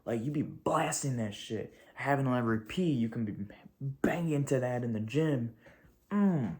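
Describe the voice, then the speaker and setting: Speaking at a normal speed in a mid-range voice, a man gushes excitedly over a wrestling show in a casual video review, rambling with slang and swearing freely.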